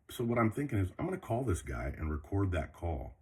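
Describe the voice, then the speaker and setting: A man's voice: low-pitched, very animated, a little fast, hardly any pauses, a little mellow, slightly rough. An older retired man telling a rambling, profane story in a casual vlog while folding laundry. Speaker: vlogger.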